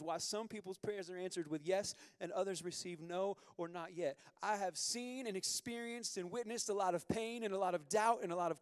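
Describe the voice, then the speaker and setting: A man preaching a sermon as pastor, candid and conversational, moving from quiet confession to loud bursts. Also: sits high, smooth, no echo, studio quality, long reverb tail.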